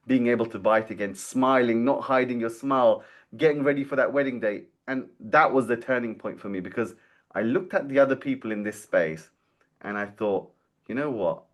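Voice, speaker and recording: The guest, a man in his 40s who founded a dental marketing business, has a medium-pitched voice and a moderate pace. He tells his career story on a podcast in an animated way, acting out each line of quoted dialogue.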